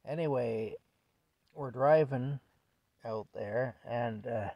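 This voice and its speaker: A man's voice: medium pitch, takes it slowly, no room sound, dull audio. A man casually telling a rambling story at home, with chuckles and fillers. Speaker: vlogger telling stories.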